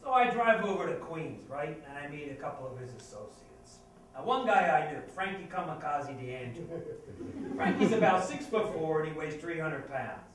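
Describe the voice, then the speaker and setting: A man's voice: a little high, expressive, moderate pace, natural voice. An actor playing a grieving middle-aged Italian-American father, telling his story in a chatty stage monologue with nervous laughs. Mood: storytelling. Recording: echoey room, distant mic, noisy.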